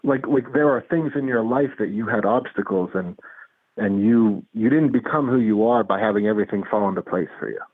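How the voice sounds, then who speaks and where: A man's voice: lowish voice, brisk, no echo. A man, a psychologist guest in an interview, explaining earnestly with stories and often repeating words as he builds a point. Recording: tinny phone-like line, dry.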